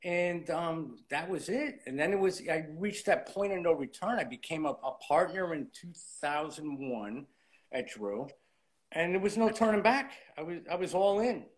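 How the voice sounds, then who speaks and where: A man's voice: a little high, expressive, normal speed. A man in his late fifties, a guest in an interview, telling his story in a casual way and acting out old conversations as he goes. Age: 50s.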